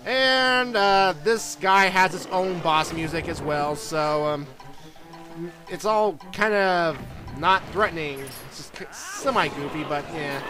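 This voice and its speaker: A man's voice: sits high, expressive, slow pace, pushed and bright, faint music behind. A man doing rambling gameplay commentary as a let's play host, often groaning in disgust.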